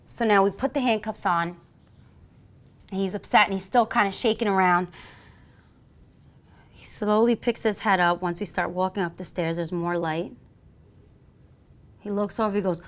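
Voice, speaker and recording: A woman's voice: mid-range voice, moderate pace, long pauses. A woman from the United States with a New York accent, a police officer telling a story as an interview guest and acting out the voices in it. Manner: acts out voices in her stories, lively and theatrical. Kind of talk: animated storytelling.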